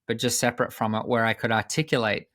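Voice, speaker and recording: A young man, a coach and podcast guest, telling a personal story in a measured, earnest way with pauses and restarts. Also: mid-range voice, flat delivery, a bit bright, no room sound, clean studio sound.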